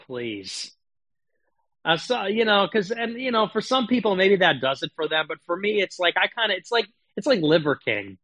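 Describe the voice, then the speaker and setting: A man's voice: sits high, big pitch swings, moderate pace, bright, forceful tone, dry recording. A man streaming political commentary, talking in a sarcastic, mocking, casual rant. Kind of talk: casual ranting monologue.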